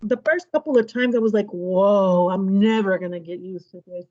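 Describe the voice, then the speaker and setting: A woman's voice: mid-range voice, moderate pace, highs cut off. A woman teacher reading a children's novel aloud to her class, bringing the dialogue to life. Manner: lively, voices the characters' dialogue.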